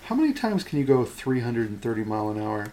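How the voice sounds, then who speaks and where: A man's voice: medium pitch, big pitch swings, fast. A man hosting a podcast, chatting casually over drinks at home late at night, rambling and joking with casual swearing. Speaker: podcast host. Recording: home recording with clear background noise.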